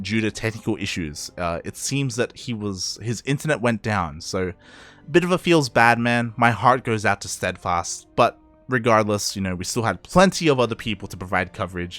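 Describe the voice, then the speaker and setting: A man's voice: medium pitch, a bit bright, dry recording. A tired young man with an Australian accent that has a Latin American touch, chatting casually as an esports caster, rambling and correcting himself. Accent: Australian with Latin American influence. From Australia, Peruvian parents. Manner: rambling, self-correcting, chuckles often. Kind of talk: casual stream wrap-up chat.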